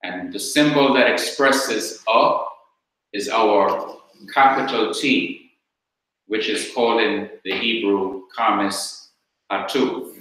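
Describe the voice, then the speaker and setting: A man teaching a class, explaining slowly and repeating each point step by step. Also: lowish voice, a bit bright. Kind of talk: classroom lecture with questions. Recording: very echoey classroom.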